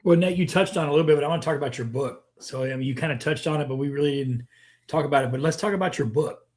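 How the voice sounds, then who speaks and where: Quick-talking, joking podcast host. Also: male voice, a little high, darkish tone, husky. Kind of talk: casual interview chat.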